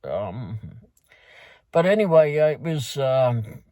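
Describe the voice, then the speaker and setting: A London food delivery driver recaps his night on the job in a slow, sing-song, mellow voice of medium pitch, with no echo in the recording. It's a casual, rambling account, full of fillers and restarts, in his London accent.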